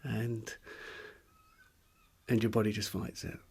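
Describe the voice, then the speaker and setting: A man's voice: fairly low pitch, flat delivery, slow pace, gravelly, a little mellow, breathy edge. A man, a musician, speaking in a candid interview, hesitant and searching for words, openly earnest and emotional.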